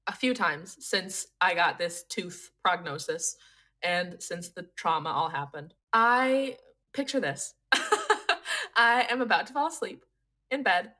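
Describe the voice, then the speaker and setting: Bright-voiced woman telling a lively story. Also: fairly low pitch, measured pace. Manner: animated storytelling with frequent laughs. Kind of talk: casual chat.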